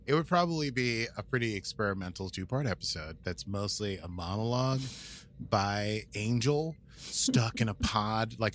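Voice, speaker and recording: Man, podcast co-host, low voice, animated pitch, rambling jokey chat, faint background hiss. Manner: rambling, jokey, trails off with fillers. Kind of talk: casual chat.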